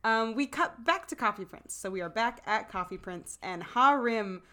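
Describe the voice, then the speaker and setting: A woman's voice: fairly high pitch, lively intonation, moderate pace, bright, forceful tone. A woman co-hosting a casual chat, giggling often and rambling with lots of "like". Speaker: podcast co-host.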